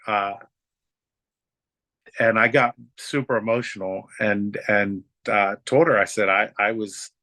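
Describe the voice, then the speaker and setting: A man hosting a team call, telling a moving story in a halting way with many fillers and restarts. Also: on the low side, fairly even intonation, bright, forceful tone, dry recording. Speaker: team leader hosting a family night call. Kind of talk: emotional storytelling to his team.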